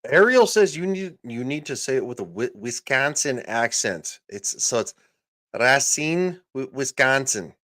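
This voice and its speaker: A man hosting a live stream, casually commenting with quick, self-deprecating reactions. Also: medium pitch, lively intonation, a bit bright.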